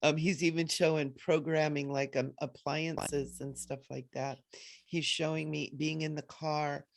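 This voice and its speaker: A woman co-host in a casual spiritual discussion, relaying what she receives with fillers and easy laughter. Her voice has a gravelly texture. The recording is close and dry. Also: low-pitched, little pitch movement, measured pace, no echo. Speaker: co-host and channeler.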